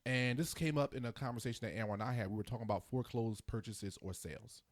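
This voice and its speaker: A man in his forties hosting a casual podcast chat, ranting in an animated way and mimicking others in quick asides. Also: mid-range voice, no echo, clean studio sound. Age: 40s. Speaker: host.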